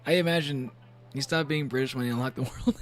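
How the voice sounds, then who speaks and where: A man's voice: mid-range voice, fast talker, slight background noise. A man streaming from home, chatting casually while he plays, rambling and laughing often between thoughts. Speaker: VTuber streamer. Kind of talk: casual live-stream chat while gaming.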